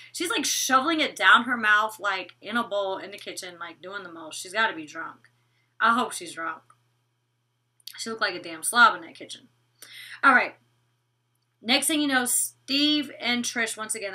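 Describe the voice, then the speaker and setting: Bright-voiced young woman, blunt and gossipy. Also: medium pitch, recorded from a distance. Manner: blunt, animated, gossipy with swearing. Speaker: vlogger recapping a reality show. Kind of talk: casual chat. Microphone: desk microphone.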